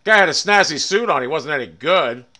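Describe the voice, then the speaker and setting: A man's voice: fairly high pitch, animated, a little fast, pushed and bright. A man streaming a shooter game, ranting angrily and swearing as he plays. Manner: angry, ranting, swearing, muttering. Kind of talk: live game streaming commentary.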